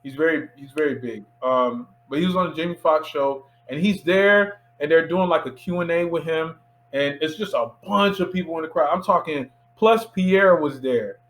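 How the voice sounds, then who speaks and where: A man in his thirties from Miami, a filmmaker guest telling a lively anecdote in a casual interview and acting out the voices of people in it. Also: a little high, moderate pace, rough recording. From Miami, USA. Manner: animated anecdote teller who acts out quoted voices.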